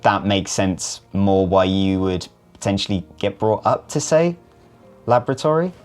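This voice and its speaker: A man with a British accent talking casually to camera, playful, pitching his voice up to mimic how words are said. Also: expressive, a little slow, darkish tone, faint music behind. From United Kingdom. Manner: playful, swings pitch up when mimicking pronunciations. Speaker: vlogger and actor.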